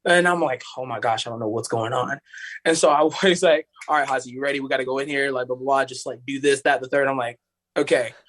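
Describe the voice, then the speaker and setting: A man's voice: mid-range voice, steady tone, quick pace, a bit bright. A young man from Tennessee, telling a story in a rambling, casual way, full of "like". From Tennessee, USA. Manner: rambling, heavy use of "like", acts out voices of others. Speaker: podcast guest, singer.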